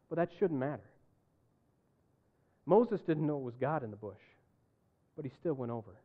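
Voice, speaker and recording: A middle-aged man preaching a sermon as pastor, telling personal stories and acting out the dialogue in them. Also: on the high side. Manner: animated, acts out dialogue in his stories. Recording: tinny phone-like sound.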